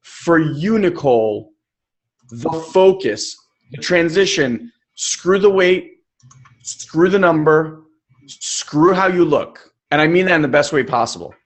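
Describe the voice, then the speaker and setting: A man's voice: a little high, lively intonation, takes it slowly. A man coaching in a live webinar, speaking emphatically and casually, with occasional swearing. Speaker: life coach.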